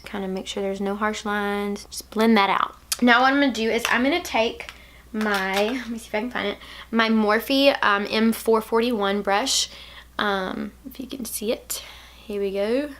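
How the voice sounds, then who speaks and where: A young woman from Alabama with a Southern accent, chatting casually through a makeup tutorial, playful and drifting into soft asides. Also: mid-range voice. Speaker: beauty vlogger.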